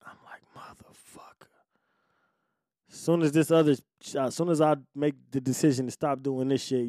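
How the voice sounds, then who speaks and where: A man with a mid-range voice tells a story from his own life in loose, profane street slang. He drops to a low mutter and then jumps into loud bursts. The sound is dry and close. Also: dry recording. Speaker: podcast host telling his life story. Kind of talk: casual storytelling.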